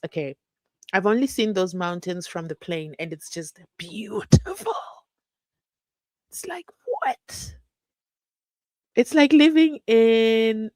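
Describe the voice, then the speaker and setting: A woman's voice: lowish voice, no room sound. A woman hosting a casual livestream from home, chatting, laughing often and reading viewer comments aloud. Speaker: livestream host.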